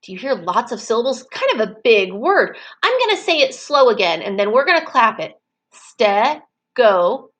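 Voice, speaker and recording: A woman teaching preschool children in an online circle time, slow and encouraging, stretching words out so the children can clap the syllables. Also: a little high, big pitch swings, a bit bright, low-quality recording.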